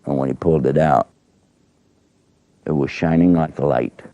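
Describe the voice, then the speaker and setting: A man telling a religious story to children in a folksy, animated way. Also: rumbling low, normal speed, dry recording, dull audio.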